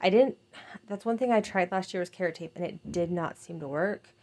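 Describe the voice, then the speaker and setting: A woman's voice: on the low side, brisk, darkish tone. A woman in her thirties chatting casually in a home gardening vlog, rambling with frequent ums. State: out of breath. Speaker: gardening vlogger.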